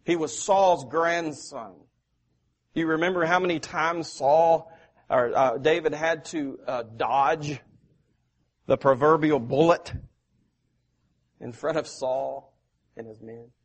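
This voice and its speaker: A man's voice: a little high, slow pace, pauses often. A male pastor preaching a sermon in a church, repeating key phrases for emphasis. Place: church sanctuary.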